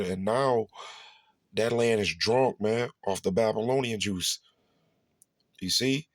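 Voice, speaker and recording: Lowish-voiced and recorded with no echo, a man preaches a ranting, foul-mouthed street sermon. He's repetitive and emphatic, stretching his stresses out and forever checking, "you see?"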